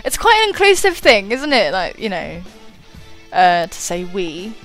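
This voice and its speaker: Woman streamer in her twenties, casual and chatty, average pitch, faint background music. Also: huge pitch swings, measured pace, a bit bright. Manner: chatty, self-mocking, swears and laughs often. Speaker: gaming YouTuber. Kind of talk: casual battle commentary.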